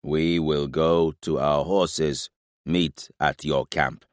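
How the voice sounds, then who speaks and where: A man voicing a terse warrior from a fierce foreign tribe, speaking in a guttural accent, slow and clipped. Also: rumbling low, fairly even intonation, no room sound, studio quality. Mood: curt. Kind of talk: audiobook character voice.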